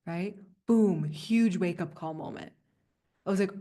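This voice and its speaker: A woman in her thirties coaching a group over a video call, earnest and soft-spoken, with frequent fillers and little laughs. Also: lowish voice, unhurried. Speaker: spiritual coach leading a group session. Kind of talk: live community coaching session.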